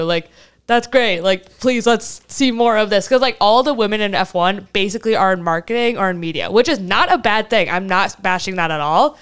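A young woman co-hosts a casual chat show and talks with heat and emphasis, breaking into laughter now and then. Her voice is smooth and clear, at a middling pitch for a woman. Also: lively intonation, brisk, a bit bright. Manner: heated, emphatic, laughs often. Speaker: podcast co-host.

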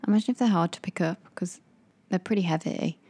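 A woman chatting casually with a friend, quick to laugh and slip into impressions. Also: on the low side, warm tone, slightly rough. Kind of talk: casual chat.

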